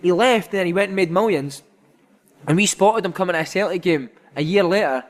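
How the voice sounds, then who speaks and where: A man with a somewhat high-pitched voice tells football stories in a casual chat. He laughs often and keeps dropping "mate" into his lines. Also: brisk. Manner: laughing, anecdotal, peppered with "mate". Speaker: podcast host and former footballer.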